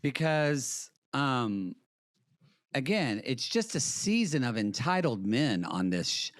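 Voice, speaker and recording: Man co-host, blunt opinions, mid pitch, dry studio sound. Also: sing-song, takes it slowly, no room sound. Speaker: podcast co-host. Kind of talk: casual recap chat.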